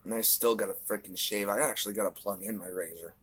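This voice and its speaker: A man's voice: lowish voice, steady tone, quick pace, fairly bright tone, breathy edge, rough recording. Rambling man livestreaming at home. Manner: rambling, repeats "you know" and "I'm like". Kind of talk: casual livestream chat. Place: apartment indoors.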